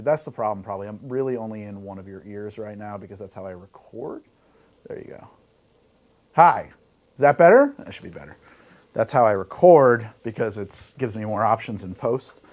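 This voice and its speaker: A man hosting a livestream while mixing drinks, rambling and heated, swearing freely and laughing often into a studio mic. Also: lowish voice. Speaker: livestream host making drinks. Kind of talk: casual livestream chat. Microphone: studio mic through a mixer rig.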